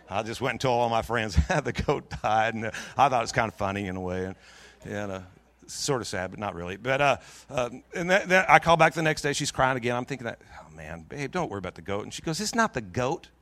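A middle-aged man preaching in a church, telling a long personal story in a jokey, lively way with many restarts. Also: medium pitch, brisk, few pauses, no room sound. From Pacific Northwest of the US. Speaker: pastor. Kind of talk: storytelling sermon.

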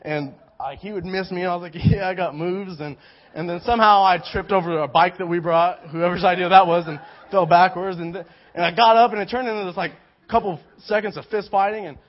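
A young man giving a casual sermon, telling a personal story in an animated way with many restarts. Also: high-pitched, brisk. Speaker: preacher. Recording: dull lo-fi recording.

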